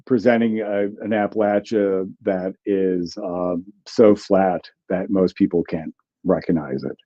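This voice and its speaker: A man's voice: fairly low pitch, warm tone, lo-fi sound. A man, a language scholar, answers viewer questions in a livestream with a thoughtful, explanatory manner and frequent ums. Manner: explanatory, many ums and restarts. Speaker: guest linguist author.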